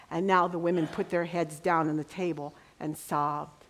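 A middle-aged woman preaching a sermon with passion, dropping to a hush and rising to ringing cries. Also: mid-range voice, steady tone, moderate pace. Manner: impassioned, swings from hushed to ringing cries.

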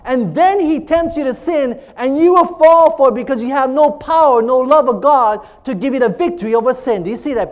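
A preacher delivering a church sermon, reading scripture slowly and pressing the congregation with repeated questions, calling them beloved. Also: high-pitched. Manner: reads scripture quotes aloud slowly between comments; calls listeners "beloved" and asks for amens. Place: church service.

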